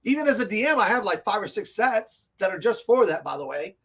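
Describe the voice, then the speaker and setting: High-voiced, excitable male gaming host. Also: fairly quick, husky. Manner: rambling and excitable, laughs often. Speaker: host of a tabletop gaming show. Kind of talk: casual live stream chat. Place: comic and game shop.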